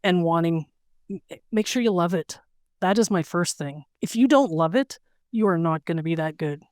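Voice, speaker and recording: A woman's voice: fairly low pitch, moderate pace, darkish tone, no room sound, clean studio sound. A middle-aged woman, an interview guest, telling stories casually and acting out quotes with animation. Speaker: interview guest, weightlifter and lawyer. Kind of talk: casual storytelling.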